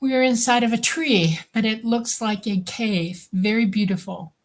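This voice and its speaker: A woman under hypnosis, slowly describing visions in a halting way. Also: fairly high pitch. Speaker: hypnosis client.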